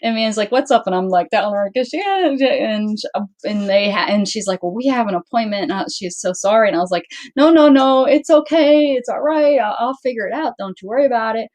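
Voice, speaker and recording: Speaking fast in a mid-range voice, a woman who runs her own channel chats a story out to her audience. She acts out each person's dialogue with animation and keeps wandering off and starting sentences over.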